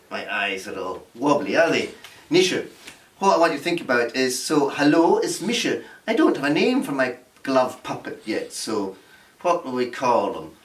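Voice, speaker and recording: Slow, playful man teaching from a distance. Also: medium pitch. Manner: slow, playful, sounding out words syllable by syllable. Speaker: Gaelic workshop teacher. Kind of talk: online children's activity lesson. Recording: roomy sound from a distance.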